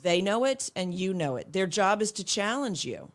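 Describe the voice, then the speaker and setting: A woman's voice: medium pitch, sing-song, moderate pace. A middle-aged woman, a guest in an interview, speaking earnestly and reflectively about parenting, often restarting her sentences. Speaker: guest, homeschooling mother. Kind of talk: casual interview chat.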